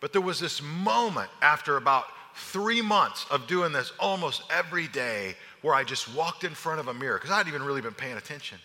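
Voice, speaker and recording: A middle-aged man preaching a sermon, an animated storyteller who acts out his own lines. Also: fairly high pitch, a little fast, hardly any pauses. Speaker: pastor. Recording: long hall reverb.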